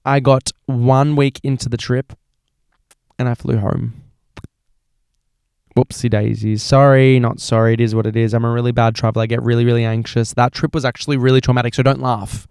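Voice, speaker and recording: An Australian man in his twenties hosts a podcast, rambling casually through audience questions in an animated way full of filler phrases. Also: mid-range voice, a little fast, creaky, smooth, no echo, studio quality. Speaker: podcast host. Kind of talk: casual solo chat answering questions.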